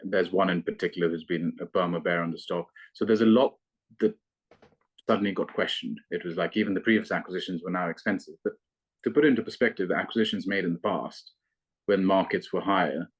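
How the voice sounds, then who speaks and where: A man working as a fund manager, explaining investments in a measured, analytical way with frequent restarts. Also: deep voice, husky. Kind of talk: investment interview.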